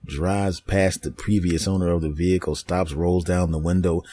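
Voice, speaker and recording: Male podcast host, deep and dark-toned, rambling crude comic storyteller. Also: steady tone, moderate pace. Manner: crude, rambling, mock-dramatic. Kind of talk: comedic storytelling monologue.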